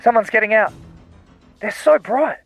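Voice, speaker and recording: A man voicing a frightened male miner hiding on the moon in a radio comedy sketch, talking in a hushed, nervous way. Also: high voice, normal speed, gravelly, soft background music, rough recording. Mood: hushed, scared.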